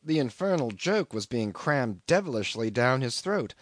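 A man narrates a classic novel in a measured, expressive reading. His pitch moves widely over each phrase. The recording is dry and close, with no room sound. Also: dry recording. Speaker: audiobook reader. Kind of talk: scripted narration.

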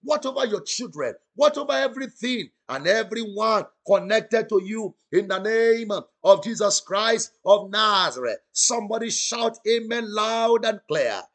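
A pastor whose high-pitched, somewhat bright voice stays animated runs a little slow yet barely pauses. During this online broadcast he prays prophetically with fervor, chanting repeated declarations, breaking into tongues, and issuing commanding calls for the audience to respond.

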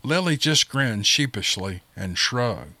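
Measured male audiobook narrator. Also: mid-range voice, animated, pushed and bright, no room sound. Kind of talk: scripted narration.

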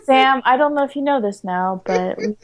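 Playful teasing podcast girl, kinda high voice. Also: normal speed, heavy background noise. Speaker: podcast co-host. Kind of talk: casual chat.

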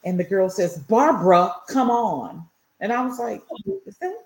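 A woman in her forties tells stories in casual chat and acts out the quotes, her pitch swooping widely. The recording is echoey, with a roomy sound. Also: animated, normal speed, a little mellow. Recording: echoey room.

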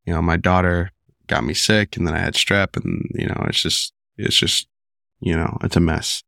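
Sick podcast host man, deep, dry. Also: steady tone, moderate pace, creaky, pushed and bright, no room sound. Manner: rambling, many fillers and restarts. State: sick, rough voice. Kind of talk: casual solo podcast talk.

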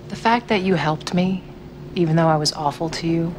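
An actress plays an apologetic woman who speaks earnestly. Her voice is low for a woman. Faint background noise runs under the TV clip. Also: fairly quick, close to an everyday voice. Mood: sincere.

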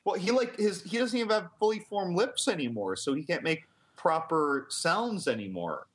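Male podcast co-host, slightly high voice, meandering casual riffing. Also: animated, normal speed. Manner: rambling, hesitant, laughs at own riffs. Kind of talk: casual chat.

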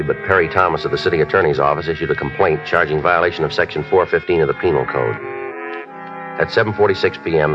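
A detective's very deep voice narrates in clipped, fast, matter-of-fact sentences. The sound is an old, dull radio broadcast. Music is clearly heard underneath. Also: male voice. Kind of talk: 1950s radio drama narration.

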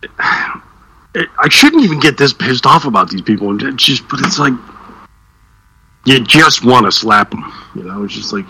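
A man's voice: mid-range voice, very animated, a little slow, long pauses, bright, forceful tone, slightly rough, low-quality recording. A man co-hosting a podcast, joking and ranting sarcastically in casual chat. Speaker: podcast co-host.

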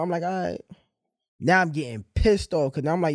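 A man's voice: a little high, brisk, no echo, clean studio sound. A young man hosting a podcast, telling a story and acting out the people in it. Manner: animated storyteller, acts out dialogue. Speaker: podcast host. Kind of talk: casual storytelling chat.

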